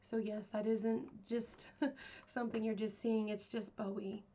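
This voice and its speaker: A woman's voice: a little high, level tone, measured pace, mellow, highs cut off. A woman hosting a true crime podcast, telling the story in a casual, rambling way with lots of fillers. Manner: rambling, chatty, with many fillers.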